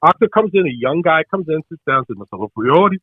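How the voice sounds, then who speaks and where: At a fairly high pitch, the older man who is the hosts' father shares a story in casual chat, animatedly playing out other people's remarks at a rapid clip. The sound is echo-free but narrow and tinny.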